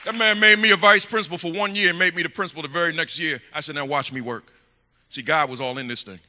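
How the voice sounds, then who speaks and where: A middle-aged man telling a story from the pulpit in a church, emphatic and animated, swinging to hushed asides. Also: on the high side, rapid-fire. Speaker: church speaker. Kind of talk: storytelling sermon. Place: church sanctuary. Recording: echoey hall.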